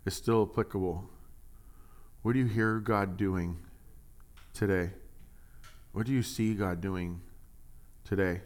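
A man preaching a conversational sermon as pastor, animated and joking, swinging from hushed asides to loud emphasis. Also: deep voice, takes it slowly, long pauses.

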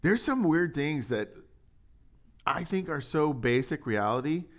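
A man's voice: fairly high pitch, lively intonation, a little slow. A pastor giving a casual, conversational sermon, reading scripture aloud and asking his listeners rhetorical questions.

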